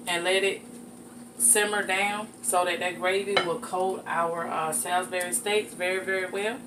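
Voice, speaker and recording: Woman hosting a home cooking show, lowish voice, chatty, folksy, some noise behind her. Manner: folksy, chatty, addresses viewers as y'all and honey. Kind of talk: casual cooking demonstration. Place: home kitchen. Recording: audible background noise.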